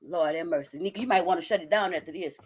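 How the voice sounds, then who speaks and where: A woman's voice: on the low side, fast, darkish tone, slightly rough. A woman hosting a live stream, brashly and profanely calling out a viewer while reading the chat. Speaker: livestream host.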